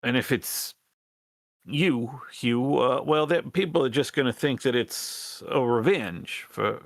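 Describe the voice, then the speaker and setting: Man doing a female rat rebel, earnest, halting folksy drawl, mid pitch, dry close sound. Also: gravelly, no echo. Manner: halting, hesitant, folksy drawl with many restarts. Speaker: game master. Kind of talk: in-character role-play in a tabletop game.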